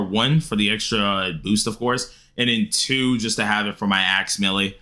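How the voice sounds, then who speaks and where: Bright-voiced man streaming a game. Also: lowish voice. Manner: casual, excitable, grumbles loudly at the game. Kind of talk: live-stream gameplay commentary answering chat.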